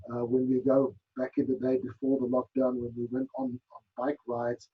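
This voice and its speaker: Gravelly man, reflective. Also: mid-range voice, sing-song, moderate pace, a little hiss or hum. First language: Afrikaans. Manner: reflective, searching for words with many restarts. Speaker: author guest. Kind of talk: radio interview answers. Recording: dull lo-fi broadcast audio.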